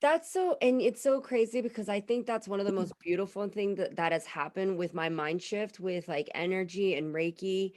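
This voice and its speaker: A woman's voice: mid-range voice, normal speed, few pauses. Chatty woman podcast co-host. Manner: animated storyteller, acts out quotes. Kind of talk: casual chat.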